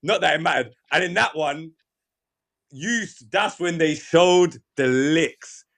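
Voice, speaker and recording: A man's voice: fairly high pitch, slow, creaky. A young man hosting a podcast, chatting casually and acting out lines from scenes as he retells them. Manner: animated storyteller, acts out quoted lines. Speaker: podcast host. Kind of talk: casual chat.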